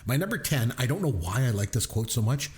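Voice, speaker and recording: An enthusiastic man co-hosting a movie chat, who laughs easily and quotes lines with gusto. His voice sits in a middle pitch but rises and falls a great deal as he talks. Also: sing-song, fast talker, a little mellow. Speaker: podcast co-host, works in education. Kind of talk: casual movie review chat.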